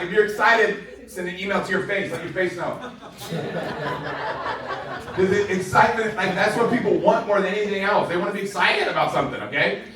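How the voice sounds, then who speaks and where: High-voiced, pumped-up male sales coach. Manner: energetic, enthusiastic, laughs often. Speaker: sales trainer. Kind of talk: motivational sales training talk. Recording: very echoey room heard from far off.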